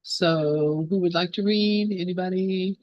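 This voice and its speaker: A woman's voice: on the low side, unhurried, dry recording. Woman, group facilitator; encouraging and inviting; dull lo-fi sound. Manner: encouraging, inviting others to speak. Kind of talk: hosting a discussion.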